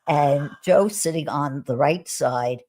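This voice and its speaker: A woman guest on a video call, recounting her experiences in a relaxed conversational way, with frequent restarts and soft laughs. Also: deep voice, slow, noisy background. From United States. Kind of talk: conversational storytelling on a live stream.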